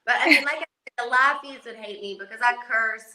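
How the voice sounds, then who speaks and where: A woman's voice: on the high side, a little fast, echoey room, a loud crowd, poor audio. A woman from West Virginia with a Southern accent, a reality show star chatting casually on a call, brash, cursing and laughing often. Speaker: guest, reality competition star. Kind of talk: casual chat on a video call.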